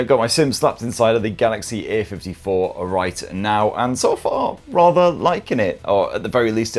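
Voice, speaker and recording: Cheeky, sweary man hosting tech talk. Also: on the low side. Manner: cheeky, sweary, self-mocking banter. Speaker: tech show host. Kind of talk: casual tech news podcast.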